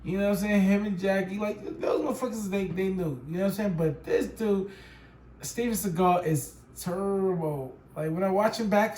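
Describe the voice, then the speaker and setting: A man chatting loosely on his reaction channel, slangy and profane, forever asking if you know what he's saying. His voice sits a little high for a man. The room rings with echo, and a faint hiss runs underneath. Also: dark tone. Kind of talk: casual reaction commentary. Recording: roomy echo with faint noise.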